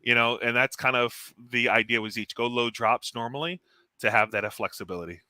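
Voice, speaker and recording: Bright-voiced man, blunt casual gamer talk. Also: medium pitch, fairly quick, no echo. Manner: animated, laughs often, confident and blunt. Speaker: guest tournament player. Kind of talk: casual gaming strategy chat.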